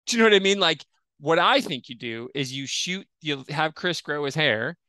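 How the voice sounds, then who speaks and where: Bright-voiced man, animated chat. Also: fairly high pitch, normal speed, no echo. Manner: animated, jokey, acts out quotes. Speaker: podcast guest. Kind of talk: casual film discussion chat.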